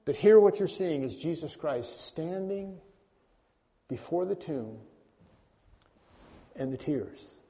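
A man preaching a sermon as pastor, repeating key phrases with emphasis and swinging between loud and hushed delivery. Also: on the high side, animated, slow pace, pauses often. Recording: long reverb of a large hall.

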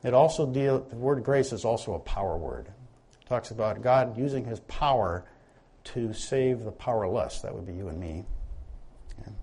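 A slightly husky male preacher with a darkish tone delivers a sermon in a teacherly way, putting questions back to his listeners while his pitch rises and falls widely.

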